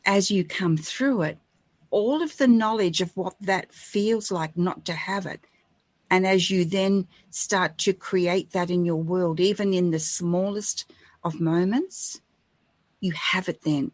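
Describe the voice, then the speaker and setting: A woman co-hosting a spiritual radio show, speaking softly and reassuringly. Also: on the low side, slow, dry recording. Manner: soft-spoken and reassuring. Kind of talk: gentle spiritual encouragement.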